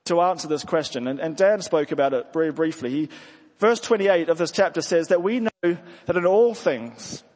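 A man with a high voice preaches earnestly, often stumbling over and repeating his words. The sound carries a long reverb, as in a large hall. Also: darkish tone. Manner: earnest, with frequent restarts. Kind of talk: sermon.

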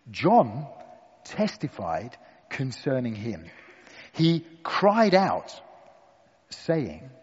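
Guy preaching slow and lively, kinda husky, dull echoey church hall sound. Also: mid-range voice. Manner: deliberate, emphatic preaching with dramatic pauses. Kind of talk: sermon.

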